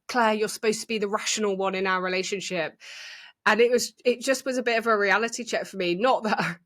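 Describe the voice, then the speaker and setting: A woman's voice: medium pitch, a bit bright. A middle-aged woman, openly telling her own story in a reflective, candid way. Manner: open, reflective, with restarts and acted quotes. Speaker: guest sharing her experience.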